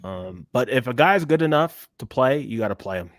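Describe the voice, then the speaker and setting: A man's voice: medium pitch, animated, moderate pace, no room sound, studio quality. A man co-hosting a sports podcast, chatting casually and giving firm, emphatic opinions. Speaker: podcast co-host.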